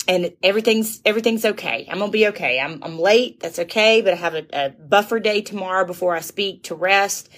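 A woman's voice: lowish voice, a bit bright. A woman who works as a public speaker, telling a rambling personal story in a chatty way and calling her listeners y'all. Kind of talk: casual storytelling.

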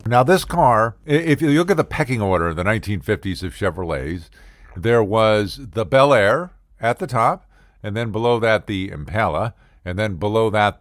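A man's voice: lowish voice, a bit bright, no echo, studio quality. A man telling comic stories about cheap people with a wry, exaggerated, sarcastic delivery. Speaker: comedian. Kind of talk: comedic storytelling monologue.

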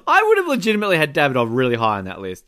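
A man co-hosting a podcast, teasing and chatting quickly over a film commentary. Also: on the high side, huge pitch swings, pushed and bright, no room sound, clean studio sound. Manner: fast, teasing. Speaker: podcast co-host. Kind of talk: casual movie commentary chat.

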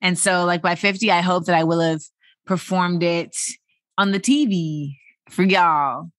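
A woman in her forties hosting a podcast, talking casually and animatedly with many fillers and excited bursts. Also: fairly low pitch, unhurried, no echo. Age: 40s. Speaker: podcast host. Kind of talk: casual solo podcast monologue.

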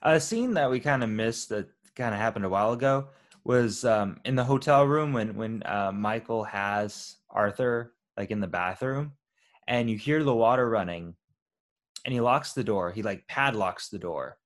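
A man's voice: on the low side, normal speed. A man casually talking over a film's scenes with a friend, easygoing and sometimes searching for the right word. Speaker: podcast co-host. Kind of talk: casual conversation.

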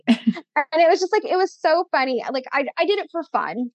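A chatty, upbeat woman with a slightly higher voice talks through content tips as an interview guest. Her tone is a bit sassy. The sound is dry and slightly dull. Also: expressive, brisk, no room sound. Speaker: podcast guest, content coach. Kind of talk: casual interview chat.

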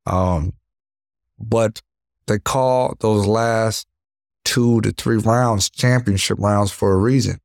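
A young adult man, a professional boxer, telling stories from the ring in a relaxed interview, acting out punches with sound words. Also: fairly low pitch, slow, gravelly, no echo, clean studio sound. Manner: animated storyteller, acts out punches with sound words; leans on "you know what I mean". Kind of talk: casual interview storytelling.

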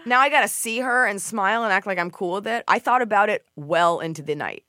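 Woman, podcast host, casual comedic storytelling, mid pitch, dry studio sound. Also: fairly quick, hardly any pauses, dry recording. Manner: animated storytelling, swears freely, mimics others in a shrill voice.

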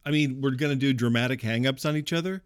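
A man's voice: medium pitch, fast. A middle-aged man doing a comic monologue, ranting in an exasperated, incredulous way. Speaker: comedian.

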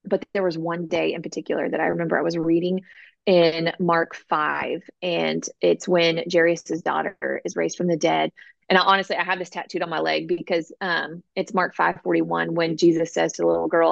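Low gravelly woman, earnest storyteller. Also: flat delivery, normal speed, dry recording, lo-fi sound. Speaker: guest author and coach. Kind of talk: faith podcast interview.

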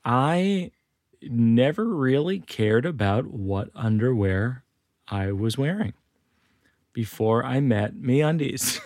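Male podcast host; dry close sound, slightly high voice, upbeat and encouraging. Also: no room sound. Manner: enthusiastic, encouraging. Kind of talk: casual podcast chat and host-read ad.

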